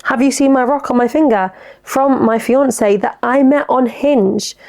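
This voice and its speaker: Chatty and enthusiastic, a female podcast host dishes out advice with plenty of swearing. She speaks at a measured pace in a high voice with a darkish tone.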